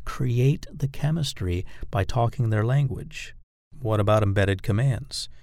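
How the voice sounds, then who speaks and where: A man's voice: lowish voice, measured pace, a little mellow, no room sound, clean studio sound. A man giving an instructional talk on dating persuasion, speaking directly to the listener and acting out example phrases. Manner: demonstrates phrases by acting them out; direct, coaching address to the listener.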